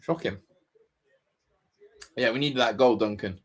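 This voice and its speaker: A man hosting a live football watch-along, reacting loudly, swearing and shouting advice at the players. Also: medium pitch, unhurried. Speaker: fan watch-along host.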